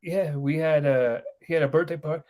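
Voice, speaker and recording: A man co-hosting a casual podcast from home, loud and excitable in banter. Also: fairly high pitch, brisk. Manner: loud, excitable banter that swings to soft baby talk. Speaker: podcast co-host.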